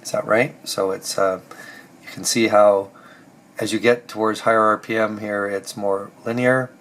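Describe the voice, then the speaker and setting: A man with a cold, hoarse and halting, talking through his engine tuning in a casual technical walkthrough. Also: fairly low pitch, fairly even intonation, fairly bright tone. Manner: halting, many ums and restarts, thinking aloud. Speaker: car restorer explaining engine tuning.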